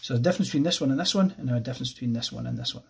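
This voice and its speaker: A man with an Irish accent explaining a pencil drawing step by step as he works, relaxed and thinking aloud. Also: mid-range voice, rapid-fire, gravelly, breathy edge. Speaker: art teacher. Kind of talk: drawing tutorial narration.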